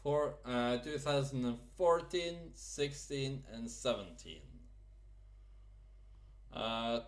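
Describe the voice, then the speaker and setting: Guy rambling about football on his channel, super slow, umming a lot, mid pitch. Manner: slow, hesitant, many fillers and pauses. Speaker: football vlogger. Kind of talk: casual unscripted commentary.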